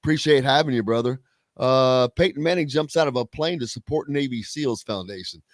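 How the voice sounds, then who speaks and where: A man's voice: medium pitch, a little fast, dry recording. A man hosting a casual sports talk radio show, chatting and reading listener comments aloud.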